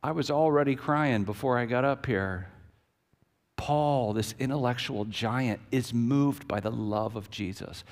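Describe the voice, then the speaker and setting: A male pastor preaching a sermon and retelling a scene with vivid, animated storytelling. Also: medium pitch, a little slow. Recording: echoey hall with long reverb.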